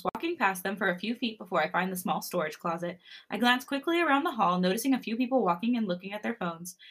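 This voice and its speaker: A woman's voice: mid-range voice, fairly bright tone. A woman podcast co-host reading fan fiction aloud, often laughing and breaking off to chat.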